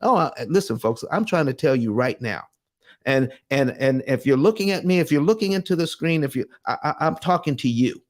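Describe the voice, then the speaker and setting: A man's voice: on the high side, expressive, fairly quick. A man hosting a personal finance livestream who speaks emphatically to camera, often restarting and repeating himself as he presses his point. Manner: emphatic and earnest, with frequent restarts and repeated phrases. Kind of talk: motivational livestream talk. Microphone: webcam or desk mic, speaking to camera.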